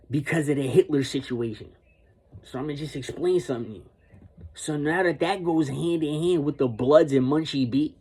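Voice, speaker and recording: A man's voice: on the high side, mellow, slightly rough. A man delivering a rambling, insistent monologue rant, repeating and restarting his phrases.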